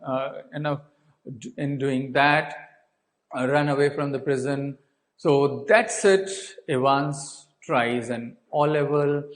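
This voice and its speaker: A man teaching a class on a story chapter, explaining slowly with many hesitations and acting out quoted lines. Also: a little high, fairly bright tone, poor audio.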